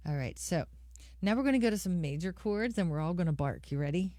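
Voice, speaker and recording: A woman's voice: on the low side, expressive, a little fast, mellow, no echo. A middle-aged woman hosting a live music stream, chatting casually with viewers and calling them by name. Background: guitar accompaniment.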